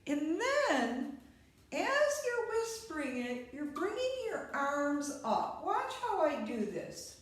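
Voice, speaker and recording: Slow and very animated, this woman's high voice leads viewers through a beginner recorder lesson step by step. She speaks patiently and directly to the camera, in a very echoey space.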